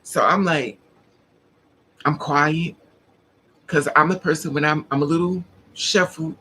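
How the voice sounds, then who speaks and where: Woman, vlogger, casual storytelling, animated, acts out dialogue, a touch of background hiss. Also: deep voice, measured pace, rough recording. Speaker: vlogger telling a personal story.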